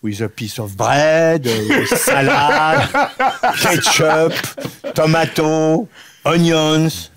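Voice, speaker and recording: A man's voice: fairly high pitch, very animated, very slow, heavy background noise. A man with a French accent telling a comic anecdote in broken English, laughing through his own punchlines as a guest impressionist.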